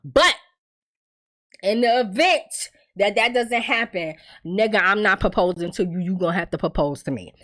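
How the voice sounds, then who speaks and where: A woman casually recapping a TV episode, profane and laughing often, acting out characters' lines in quick impressions. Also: medium pitch, expressive, fairly bright tone. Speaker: TV recap host.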